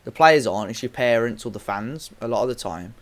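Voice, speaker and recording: A man co-hosting a podcast, with quick, jokey banter in casual chat. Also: medium pitch, lively intonation, a little hiss or hum.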